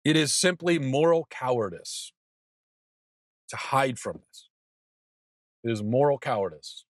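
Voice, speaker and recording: In a clean studio recording with no room sound, a thirtysomething man with a mid-range voice hosts a podcast. His opinion monologue is emphatic, and he keeps stammering and restarting.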